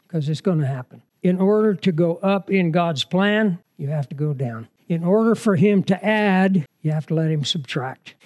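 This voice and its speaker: A man's voice: high-pitched, darkish tone. A man preaching a sermon in a conversational manner, mixing scripture reading with humorous asides.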